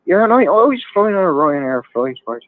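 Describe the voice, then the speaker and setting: This livestream host has a high-pitched, sing-song voice and talks fairly quickly over a dry, tinny, phone-like recording. On his casual call-in stream, he jokes and laughs his way through long, bawdy anecdotes.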